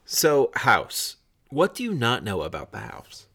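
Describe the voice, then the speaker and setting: A man's voice: mid-range voice, wildly swooping pitch, measured pace, sharp tone, slightly rough. A man in casual chat who steers the conversation and answers with short, wry reactions.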